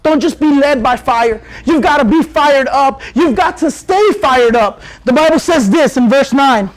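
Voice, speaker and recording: A young male youth pastor with a strikingly high voice. He preaches in an animated, jokey way that climbs into shouted appeals. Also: a little slow, poor audio. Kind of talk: youth sermon.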